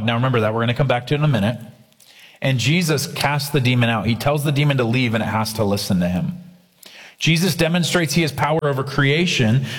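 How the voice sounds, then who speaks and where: Emphatic male preacher in a reverberant hall. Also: medium pitch. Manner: emphatic preaching with repeated phrases and asides to the congregation. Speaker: pastor. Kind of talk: sermon.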